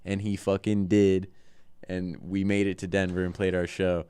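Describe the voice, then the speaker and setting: A band's guitarist and singer, appearing as a guest, shares tour stories in a low, warm, smooth voice with little pitch movement and a normal pace. He rambles casually, swears often, and says "like" a lot.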